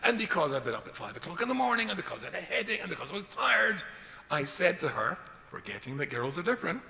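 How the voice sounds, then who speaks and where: A man's voice: sits high, very animated, quick pace, creaky, sharp tone. A middle-aged man, a rabbi giving a jokey, self-deprecating lecture full of stories. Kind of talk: humorous lecture with storytelling. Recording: reverberant hall with faint noise.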